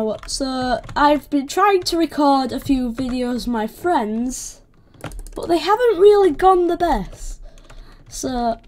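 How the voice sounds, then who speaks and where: A woman with a British accent giving casual gameplay commentary, excitable, yelping when attacked and trash-talking playfully. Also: medium pitch, a little hiss or hum. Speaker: gaming video creator.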